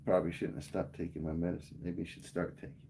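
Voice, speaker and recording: A man's voice: sits low, little pitch movement, rapid-fire, gravelly, mellow, a little hiss or hum. A man livestreaming, telling a heated, profane story to his chat in casual speech. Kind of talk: casual rant to live chat.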